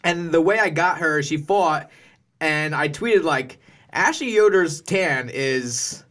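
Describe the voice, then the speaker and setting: A man's voice: on the high side, lively intonation, takes it slowly, a bit bright. A man hosting a podcast, interviewing a guest in a playful, joking way. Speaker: podcast host.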